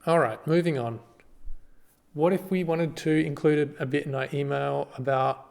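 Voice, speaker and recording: A man casually walks through a screen-recorded tutorial, relaxed and halting, with lots of ums and restarts. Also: a little high, creaky. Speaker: party volunteer giving a tutorial.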